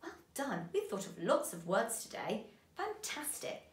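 A woman leads a children's phonics lesson, drawing out each sound slowly and with care. Her pitch swoops up and down in a bright sing-song, and the room around her rings with a noticeable echo. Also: very animated. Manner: slow, sing-song, encouraging teacher talk to young children. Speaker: phonics teacher. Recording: roomy echo.

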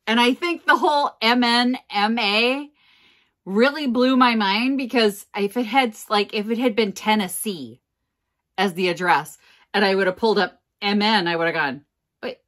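A middle-aged vintage reseller with a medium-pitched voice shares a story on her casual vlog, bubbling with self-deprecating energy and frequent laughs.

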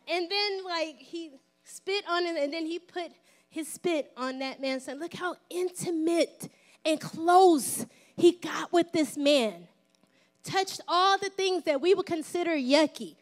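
High-voiced woman pastor preaching, playful and animated, sometimes whispers. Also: normal speed. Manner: lively, playful, acts out voices; drops to a whisper at times. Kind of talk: sermon.

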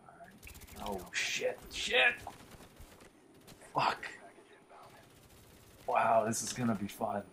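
Guy cussing thru a shooter match, mutters then yells, slowish, faint hiss behind. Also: lowish voice, fairly even intonation. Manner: swears a lot, swings from muttered whispers to frustrated shouts; calls himself the Warlock in the third person. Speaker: gameplay commentator. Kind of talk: live shooter-game commentary.

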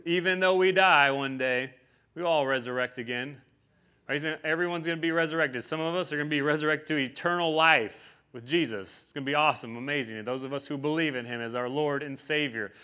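A man's voice: a little high, quick pace, sharp tone, clean tone. A pastor giving a conversational sermon, often checking in with his listeners by asking "right?".

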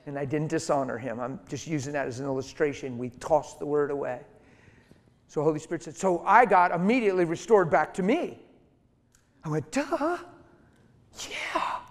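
A man's voice: on the high side, fairly quick. A man preaching a sermon as a story, emphatic and conversational, acting out the voices of the people in it. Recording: hall reverb.

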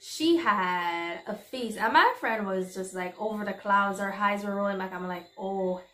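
A woman recounting a story in a casual vlog, candid and exclamatory, her voice pitched mid-range for a woman. The room around her adds a noticeable echo. She talks freely and chattily straight to her viewers. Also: normal speed, sharp tone. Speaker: vlogger. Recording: roomy echo.

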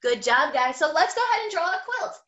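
A kindergarten teacher, a woman with a high voice, leads young children through a phonics lesson. She sounds out each word slowly and clearly and praises them with cheerful encouragement. The recording is dull and lo-fi. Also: sing-song, fairly bright tone.

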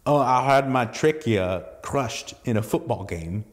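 A man imitating a kind young man with a crushed windpipe, speaking slowly and plainly. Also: medium pitch, lively intonation, in a large hall, natural voice. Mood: matter-of-fact.

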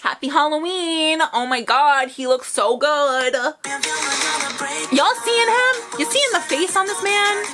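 A young woman hosting a music video reaction, gushing and squealing with excitement as she watches. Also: sits high, slow pace. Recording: music playing loudly behind. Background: music video playing.

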